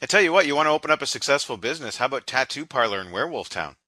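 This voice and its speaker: Man, bright sharp voice, jokey movie podcast chat, dry close sound. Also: medium pitch, sing-song, racing, no room sound. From Canada. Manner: jokey, laughs often. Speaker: podcast co-host.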